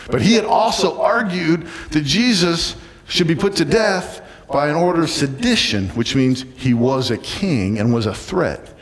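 A man delivers a sermon in an animated, dramatic way. His voice sits a little high and swings widely in pitch. A long church reverb trails each phrase. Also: moderate pace, hardly any pauses. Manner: animated preaching, acting out crowd voices. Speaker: pastor. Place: church sanctuary.

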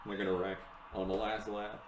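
A young man giving live reaction commentary to a race, excitable and swearing, yelling at the screen. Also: on the low side, normal speed, roomy sound, background noise.

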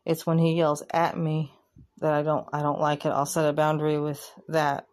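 A woman vlogger giving candid, plainspoken commentary, pausing and restarting as she thinks. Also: deep voice, monotone, darkish tone. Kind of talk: casual reflective commentary.

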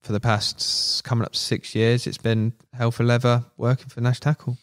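A young male podcast guest tells casual stories at a moderate pace in a medium-pitched voice. He is animated and slangy, acting out people's quotes as he goes.

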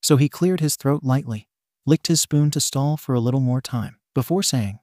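A man narrating a fan fiction story in an even, steady reading style. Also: mid-range voice, moderate pace, no echo, clean studio sound.

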